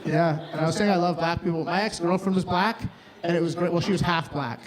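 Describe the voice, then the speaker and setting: A man's voice: a little high, fairly even intonation, fast talker. A man performing a live stand-up set in a bar, rambling and crude, often cutting himself off mid-sentence. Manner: rambling, crude, self-interrupting. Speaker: stand-up comedian. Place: bar stage before a crowd. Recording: live bar with crowd noise. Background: audience laughter.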